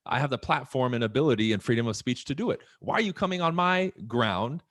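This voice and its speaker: A man talking in a casual podcast chat, animated and profane, firing off rhetorical questions. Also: mid-range voice, fast, no room sound. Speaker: podcast guest.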